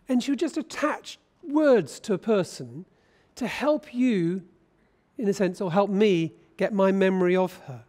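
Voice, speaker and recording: A man's voice: sits high, expressive, unhurried, darkish tone. A man with a British accent preaching a sermon as a bishop in a church, talking conversationally and putting questions to the congregation.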